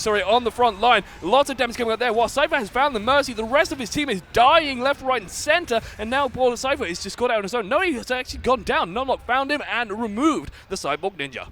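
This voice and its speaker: A man casting an esports match with excitable play-by-play commentary that rises to shouts in big plays. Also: sits high, a little hiss or hum. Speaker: esports caster.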